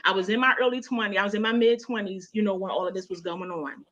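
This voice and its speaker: Baltimore woman, mid pitch, raw personal storytelling, slightly muffled recording. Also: fast talker, fairly bright tone, slight background noise. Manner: emotional, conversational, many fillers like "you know". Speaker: guest. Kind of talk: personal storytelling in a radio interview. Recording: dull lo-fi sound.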